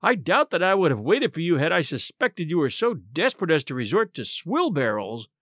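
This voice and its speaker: A man's voice: a little high, very animated, brisk, fairly bright tone, no room sound, clean studio sound. A man voicing a down-and-out man who talks with lofty, scornful dignity, in an audiobook story reading. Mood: disdainful. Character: smooth, haughty male park derelict.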